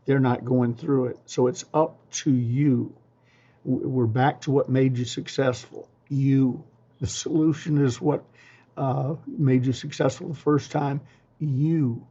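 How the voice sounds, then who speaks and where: A man's voice: medium pitch, steady tone, slow pace, mellow, breathy edge, lo-fi sound. Folksy older man telling stories. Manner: folksy, anecdotal, frequent ums and restarts. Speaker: interview guest, sales trainer. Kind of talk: storytelling advice.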